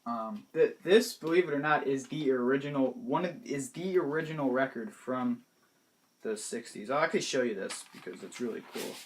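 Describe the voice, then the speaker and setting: A young man in his late teens casually talking through his favorite music in a vlog, hesitant and pausing often, his words trailing off softly. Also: medium pitch, a little hiss or hum. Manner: hesitant, many pauses and restarts, trailing off softly. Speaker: vlogger.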